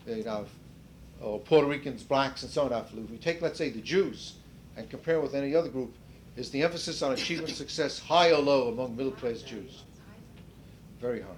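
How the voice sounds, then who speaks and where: A man's voice: medium pitch, fairly quick, a little hiss or hum. An older man leading a seminar discussion in a conversational lecturing way, rephrasing as he goes and putting questions to the group. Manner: conversational, restarts and rephrases mid-sentence. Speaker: seminar leader.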